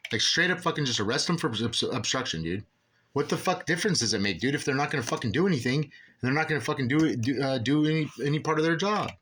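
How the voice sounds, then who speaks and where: A man's voice: medium pitch, fairly bright tone, slight background noise. A man in an agitated, profane monologue, rambling with many restarts as an aggrieved father ranting about officials. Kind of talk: angry monologue.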